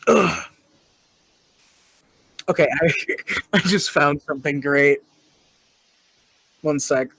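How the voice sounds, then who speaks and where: Casual young male podcaster, slow and giggly, dead-dry mic. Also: a little high, steady tone, fairly bright tone, no echo, low-quality recording. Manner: laughing, unhurried, reads out comments. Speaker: podcast host. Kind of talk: casual chat, reading comments aloud.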